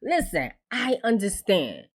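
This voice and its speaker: Woman, TV recap host, casual commentary, lively swinging pitch, blunt, profane, acts out characters' lines. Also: unhurried.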